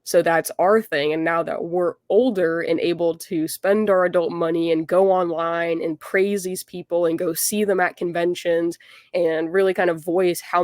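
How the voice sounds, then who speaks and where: A woman's voice: fairly low pitch, no echo, clean studio sound. Chatty young woman guest. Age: young adult. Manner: chatty, upbeat, many fillers. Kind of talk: casual fan chat.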